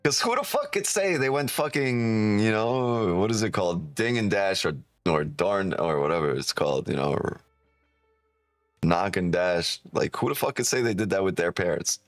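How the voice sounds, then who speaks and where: A man's voice: on the low side, lively intonation, moderate pace, no room sound. Guy on a live trading stream, swears constantly, cracks jokes, laughs a lot, dry close sound, music faint behind. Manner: loud, profane, joking, laughs often. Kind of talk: casual live stream chat.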